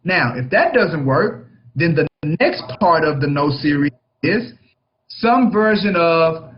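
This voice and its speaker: A man's voice: a little high, expressive, a little slow, dull audio. A man, a real estate broker, coaching his agents through a negotiation book chapter and checking in with "right?" after nearly every point. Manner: emphatic, keeps checking in with "right?".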